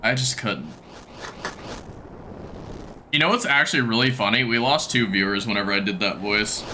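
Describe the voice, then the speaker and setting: A young man chatting casually on a game live stream, self-mocking and quick to laugh. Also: fairly low pitch, noisy background.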